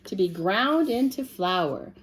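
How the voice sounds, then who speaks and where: A woman voicing a hardworking little hen in a storybook read-aloud, raising her voice higher and louder for the character. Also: lively intonation, slow pace. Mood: pleading. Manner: earnest, higher and louder than her narration.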